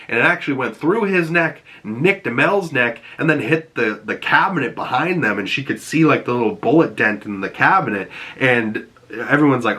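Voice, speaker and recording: Excitable Boston man recapping a show. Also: medium pitch. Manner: excitable, rambling, animated retelling. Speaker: TV show reviewer. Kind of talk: casual recap vlog.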